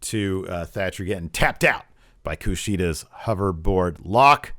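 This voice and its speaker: A man co-hosting a podcast, recapping wrestling in casual chat and acting out quotes with lively raised voices. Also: low voice, a little slow, no echo, studio quality. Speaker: podcast co-host.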